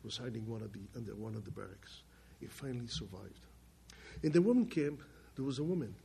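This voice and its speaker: An older man giving a spoken testimony from his family's past, emphatic and halting. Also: medium pitch, expressive, vocal fry, dark tone, a little hiss or hum. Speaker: storyteller.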